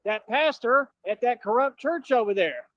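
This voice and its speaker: A man's voice: extremely high pitch, animated, moderate pace, dry recording, dull audio. A man in a replayed clip, talking defiantly in street slang and calling people bro. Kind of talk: clip played on a livestream.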